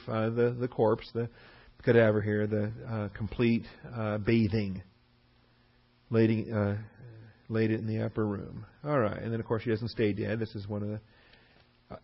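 A man teaching a Bible class verse by verse, who acts out the people he quotes. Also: mid-range voice. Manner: lively, acts out quotes with a raised voice. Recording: dull lo-fi recording.

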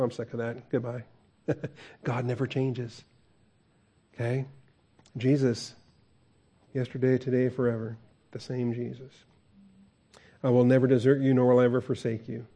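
A man's voice: medium pitch, mellow. A man preaching a conversational verse-by-verse sermon as a pastor, asking the congregation questions and chuckling often.

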